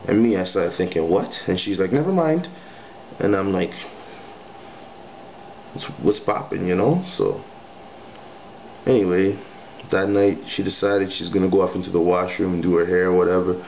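A man's voice: low voice, normal speed, creaky, pauses often, a little mellow, a little hiss or hum, low-quality recording. A young man casually telling a spiritual testimony story in slangy speech, acting out the quoted lines. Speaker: guest giving testimony.

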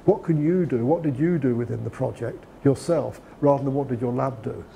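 A man delivers a lecture in a relaxed, conversational way, often restarting his sentences. His voice is gravelly and mellow, with a faint hiss of noise underneath. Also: medium pitch, a little fast, muffled recording. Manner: conversational with frequent restarts and fillers. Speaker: guest lecturer. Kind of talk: lecture on preparing a CV.

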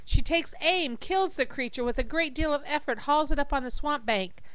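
A woman's voice: moderate pace, dry recording, low-quality recording. Woman reading jokes to a webcam. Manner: reads in a lively storytelling voice, squeaks up high for the silly characters. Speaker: joke teller. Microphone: webcam microphone.

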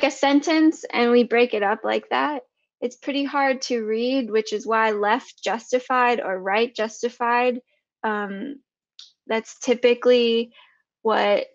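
A woman's voice: fairly high pitch, no room sound, lo-fi sound. A woman giving a casual design tutorial, chatty and full of fillers and restarts. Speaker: motion designer. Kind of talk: casual screen-share tutorial.

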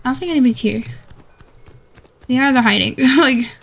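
A woman's voice: high-pitched, a little fast, gravelly. Giggly woman streaming a game. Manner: chatty, giggly, rambling to herself. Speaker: gamer streaming solo play. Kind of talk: casual gaming commentary.

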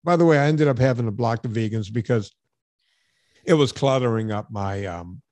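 A man hosting a podcast, telling stories in an animated, sarcastic way during casual chat. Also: medium pitch, moderate pace, no room sound. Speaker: podcast host.

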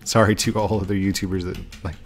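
A man hosting a gaming video, commentating in an excitable, rushed and joking manner. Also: low voice. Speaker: gaming channel host. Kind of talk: game commentary.

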